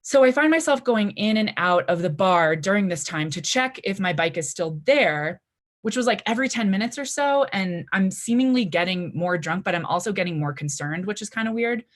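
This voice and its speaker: A woman's voice: mid-range voice, animated, moderate pace. A woman in her twenties telling a personal story at a live story slam, chatty, with lots of "like" and "you know" fillers. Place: library event stage before an audience.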